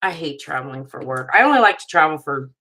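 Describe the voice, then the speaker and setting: A woman in her thirties with a bright, forward voice, chatting casually on a live crafting stream. She rambles through stories as she works and laughs easily. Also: low-pitched, big pitch swings, fast, slight background noise, rough recording. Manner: chatty, rambling storyteller who laughs often. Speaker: paper craft video host.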